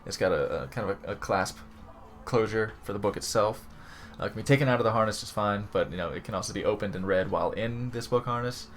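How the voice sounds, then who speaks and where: A man's voice: fairly low pitch, fast talker, fairly bright tone, a little hiss or hum. A man narrating as game master of a tabletop game, rambling with many restarts and laughs.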